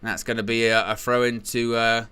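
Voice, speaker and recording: A man's voice: mid-range voice, little pitch movement, normal speed, pushed and bright, clear, resonant tone. A man hosting a live football watchalong, commenting on the play in a casual, rambling way with jokey asides.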